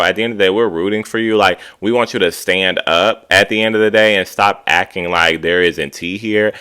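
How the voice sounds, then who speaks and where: A man gives casual commentary on a reality show, chatty and animated. His voice sits low but has a bright, forward edge. He keeps dropping into short quoted impressions of the cast as he recaps. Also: clear, resonant tone. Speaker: reality TV reviewer.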